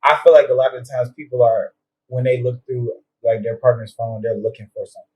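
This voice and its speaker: A man's voice: mid-range voice, level tone, fast talker, darkish tone, low-quality recording. A man co-hosting a podcast in casual chat, easygoing and teasing, often stopping and restarting his sentences. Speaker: podcast co-host.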